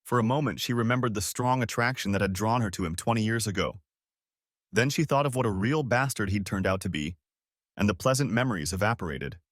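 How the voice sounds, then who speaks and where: A man narrating an audiobook story in an expressive storytelling read. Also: on the low side, brisk, dry recording, clean studio sound. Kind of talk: scripted narration.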